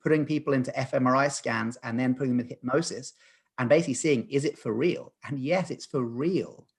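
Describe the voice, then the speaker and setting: A man in his thirties, a podcast guest, telling a personal story in an earnest, animated way with frequent restarts. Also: medium pitch, fairly quick, breathy edge. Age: 30s. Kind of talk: storytelling in conversation.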